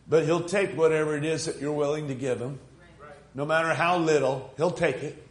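A man's voice: fairly high pitch, steady tone, moderate pace. A man preaching a sermon, retelling a Bible story in a conversational way with frequent fillers and rhetorical questions to the congregation. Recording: echoey room.

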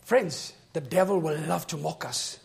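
A man preaching a sermon. He tells a story and then builds to shouted, rhythmic preaching. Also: fairly high pitch, unhurried, creaky.

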